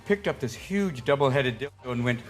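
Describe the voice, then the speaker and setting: A man doing stand-up comedy, manic and rapid-fire, bursting into voices. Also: medium pitch, animated, big-room sound, very noisy. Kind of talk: stand-up and talk-show comedy.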